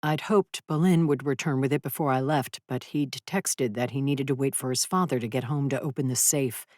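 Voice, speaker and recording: Low-voiced woman narrating an audiobook. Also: normal speed, darkish tone, no echo, studio quality. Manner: dramatic, voices furious dialogue with raised intensity. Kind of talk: first-person audiobook narration.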